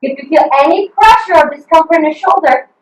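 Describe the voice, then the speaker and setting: With an extremely high-pitched, fast voice, a woman coach runs a live online workout session. She is upbeat and encouraging, counts reps, whoops and sounds a bit out of breath, and the poor-quality audio is reverberant.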